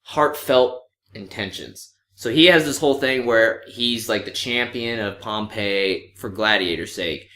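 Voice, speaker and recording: A man co-hosting a podcast, chatting casually about a movie, animated and swearing freely. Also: on the low side, measured pace, hardly any pauses, echoey room. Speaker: podcast co-host. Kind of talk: casual movie review chat.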